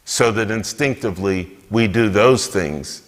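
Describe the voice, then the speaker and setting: A deacon giving an earnest, measured homily. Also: male voice, lowish voice, big-room sound.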